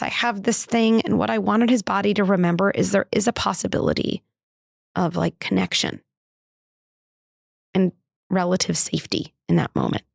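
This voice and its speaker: A woman hosts a parenting podcast, speaking candidly in a relaxed, chatty monologue. Her mid-range voice has a gravelly, creaky edge. The sound is close and dry, with no room around it. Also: dry recording. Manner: candid and conversational, many "like" fillers; acts out quoted dialogue with lifted pitch. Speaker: parenting psychologist and podcast host. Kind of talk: podcast monologue, personal story.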